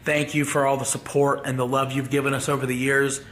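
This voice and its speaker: A grieving man talking to his viewers in a halting, heartfelt farewell vlog. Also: medium pitch, little pitch movement, a bit bright, slight background noise. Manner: halting, grief-stricken. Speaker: vlogger.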